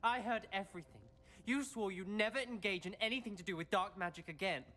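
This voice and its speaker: A stern young wizard. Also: male voice, high-pitched, quick pace, sharp tone. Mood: reproachful. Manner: earnest, reproachful. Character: stern young male wizard student, protective.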